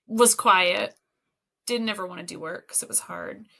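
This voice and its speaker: A woman's voice: on the low side, fairly even intonation, slow pace, gravelly, long pauses, bright, forceful tone. A woman educator, a guest on an interview podcast, telling anecdotes casually with lots of laughter and fillers.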